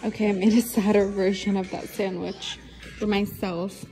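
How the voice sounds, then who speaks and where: A woman's voice: medium pitch, little pitch movement, moderate pace, dark tone, soft background music. A young woman narrating her day in a casual vlog, chatty and full of filler words. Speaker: vlogger, dance studio owner.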